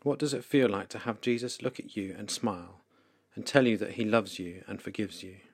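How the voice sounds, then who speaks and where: A man leading a guided meditation for listeners, speaking slowly, calmly and softly with pauses. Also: on the low side, breathy edge, no room sound, studio quality. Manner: slow, calm, soft-spoken with pauses. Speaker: devotional leader.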